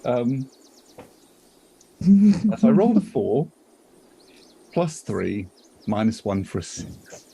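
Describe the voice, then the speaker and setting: A British man playing a cleric in an improvised tabletop game, playful and quick to laugh. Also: medium pitch, gravelly, husky. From Britain. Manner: playful, laughs often, animated. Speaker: player.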